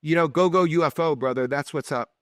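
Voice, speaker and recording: A man hosting a podcast, chatting casually in an excited, joking and affectionate way. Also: a little high, a little fast. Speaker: podcast host. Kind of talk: casual chat.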